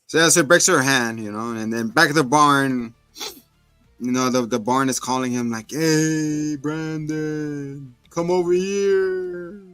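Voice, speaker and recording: A man co-hosting a casual show, retelling a movie plot with lots of swearing and quick put-on voices. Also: mid-range voice, clean tone, no room sound, soft background music. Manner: animated storyteller, acts out voices, swears. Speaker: podcast co-host. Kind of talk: casual chat, movie recap.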